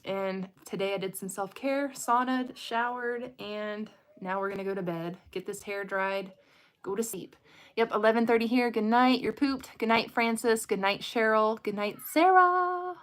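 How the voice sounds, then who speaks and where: A woman's voice: medium pitch, steady tone, normal speed, smooth. A woman, casually chatting with viewers on a late-night livestream from home. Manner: chatty, talks directly to viewers. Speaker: livestream host.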